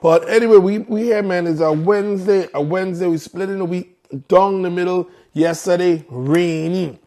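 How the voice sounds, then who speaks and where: A man's voice: high-pitched, fairly even intonation, moderate pace, warm tone. A man with a Virgin Islands accent hosting a live morning show, chatting casually and repeating phrases in local slang.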